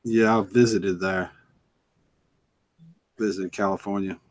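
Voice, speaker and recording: A man's voice: sits low, steady tone, slow pace, dry recording. A man from North Carolina with a Southern American accent, hosting a casual live stream chat in a folksy, drawling way. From North Carolina, USA. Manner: folksy, drawling, greets viewers.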